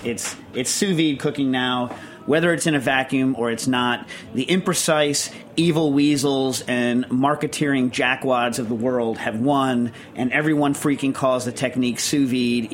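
A man co-hosting a casual chat podcast, rambling and ranting with lots of fillers and self-deprecating asides. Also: mid-range voice. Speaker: podcast co-host.

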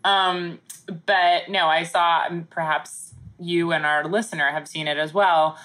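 A woman's voice: on the low side, steady tone, unhurried, a bit bright. A woman co-hosting a comedy podcast, casual chat full of jokes and laughter. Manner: jokey, laughs often, mock newscaster reading. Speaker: podcast co-host.

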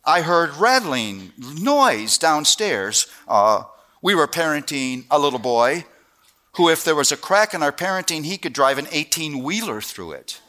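Middle-aged guy preaching, bright forceful voice, slow and deliberate, slightly high, goes from lively stories to hushed and earnest. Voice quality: animated storyteller who drops to a hushed, earnest tone. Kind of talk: sermon.

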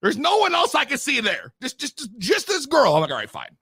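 A young man hosting a show, telling a profane comic rant and breaking into shouts. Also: very high voice, fairly quick, no echo, clean studio sound. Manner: profane, animated, swings to shouting. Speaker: host.

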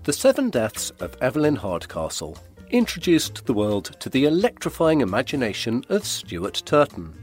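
A man from England hosting a books interview show, introducing an author and asking questions in an articulate presenter style. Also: mid-range voice. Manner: articulate, lively presenter delivery. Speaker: podcast host and interviewer.

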